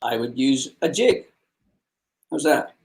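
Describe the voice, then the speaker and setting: A man's voice: medium pitch, animated, slow pace, a little mellow. A man co-hosting a live fishing show, telling stories bluntly, laughing and swearing as he talks.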